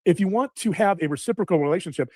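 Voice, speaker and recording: A man on a podcast lays out a psychological idea in a lecturing tone, stumbling and restarting as he goes. He talks very fast in a fairly high voice, and the sound is close and dry. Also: lively intonation, darkish tone, no room sound. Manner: lecturing, repeats and restarts words. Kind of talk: explanatory podcast talk.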